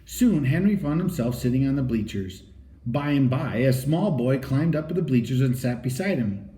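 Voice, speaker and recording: Reading a children's story at a moderate pace, this male audiobook narrator has a mid-range voice with a gentle, mellow edge. He sounds animated and expressive, his intonation swinging up and down, while a noticeable room echo surrounds him.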